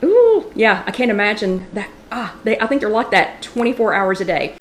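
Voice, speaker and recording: A woman with a medium-pitched voice talks fairly quickly as she hosts a casual livestream from a kitchen showroom, chatting and greeting viewers by name. There's a little hiss or hum in the audio.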